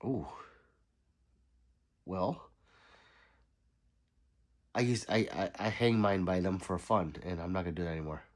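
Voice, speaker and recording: A man's voice: sits low, fairly even intonation, unhurried, long pauses. A middle-aged man who is sick, hosting a casual livestream and reading viewer comments aloud with laughs and sarcastic asides. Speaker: livestream host reading chat.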